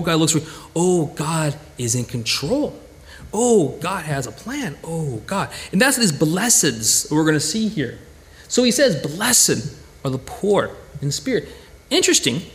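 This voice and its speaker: Man pastor, fairly high voice, animated sermon delivery, many restarts and fillers. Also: long reverb tail. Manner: lively, many restarts and "you know".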